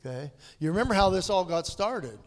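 A male pastor preaching a sermon, dropping to hushed whispers and rising to loud, emphatic peaks. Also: sits high, big pitch swings, fairly quick, a little hiss or hum. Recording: long hall reverb.

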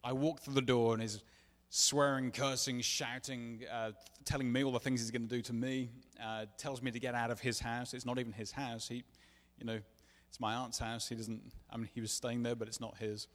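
A man's voice: medium pitch, level tone, normal speed, hardly any pauses. A man telling his personal testimony in a sermon, earnest and confessional, acting out the dialogue as he tells it. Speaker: preacher. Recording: long reverb of a large hall.

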